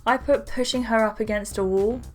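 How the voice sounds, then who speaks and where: A woman's voice: a little high, steady tone, fairly quick. A young woman hosting a gaming video, reading a story game's lines aloud in a playful way and adding her own comments. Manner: playful, reads each character's lines in turn. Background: faint game music.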